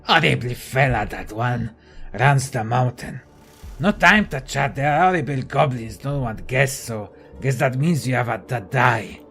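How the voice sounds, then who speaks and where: A man voicing a gruff, suspicious male orc guard in a video game, speaking in a gravelly, grumbling drawl. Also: mid-range voice, unhurried, a bit bright, soft background music.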